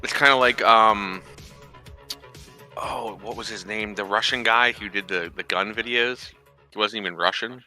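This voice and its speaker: A man's voice: fairly low pitch, a little slow, pushed and bright, faint music behind, low-quality recording. A man co-hosting a radio show, ranting animatedly in casual, profane chat.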